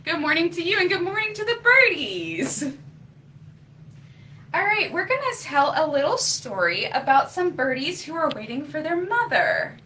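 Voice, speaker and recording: A woman's voice: high-pitched, big pitch swings, sharp tone, recorded from a distance, low-quality recording. A woman librarian leading a children's story time, reading aloud in an encouraging way. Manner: slow, sing-song, encouraging. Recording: faint room noise, voice from off-mic.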